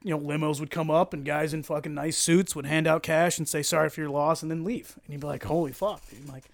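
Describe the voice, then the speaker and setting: A man guest on a podcast, telling a long story in a casual, animated way, swearing and laughing often. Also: on the high side, fast, creaky.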